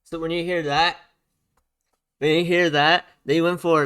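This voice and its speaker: A man giving a casual, animated rant about a song's production, often repeating himself as he points out sounds in the track. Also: on the high side, normal speed, smooth. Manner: animated, repetitive, talks over playing song. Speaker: music reaction youtuber. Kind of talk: casual ranting commentary over music. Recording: music under the voice. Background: music playing.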